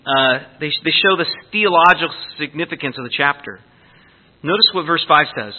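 A man's voice: a little high, normal speed. A man giving an earnest, explanatory verse-by-verse sermon as a Bible teacher. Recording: tinny phone-like sound.

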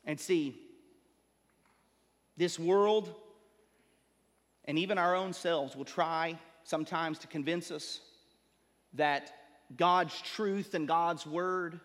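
A male pastor preaching a sermon. He builds up with rising emphasis, then drops low and slow to drive a point home. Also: fairly bright tone. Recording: long reverb of a large hall.

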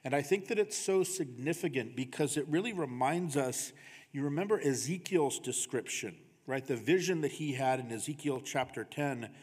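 A man's voice: mid-range voice, normal speed, darkish tone, husky. A man preaching a sermon as pastor, in a conversational style that often tags his points with "right?". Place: church sanctuary. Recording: long reverb of a church hall.

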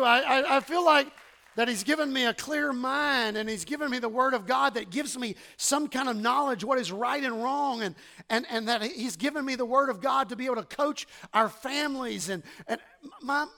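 Bright-voiced Southern pastor preaching. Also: male voice, very high voice, normal speed, vocal fry. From American South. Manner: conversational, self-deprecating, with stammered restarts and quoted exchanges. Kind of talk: sermon.

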